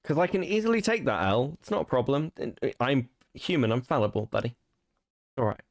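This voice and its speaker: A man's voice: mid-range voice, very animated, brisk, dry recording, clean studio sound. A young British man hosting a stream, talking bluntly and rambling with plenty of swearing. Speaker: streamer host. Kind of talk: casual stream commentary.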